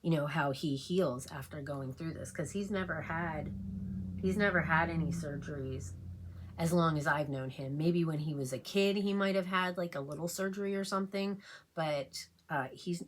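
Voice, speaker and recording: Low gravelly-voiced woman vlogger. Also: a little hiss or hum. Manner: rambling, halting, many fillers and restarts. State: emotional, close to tears. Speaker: beauty vlogger. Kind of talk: casual chat while getting ready.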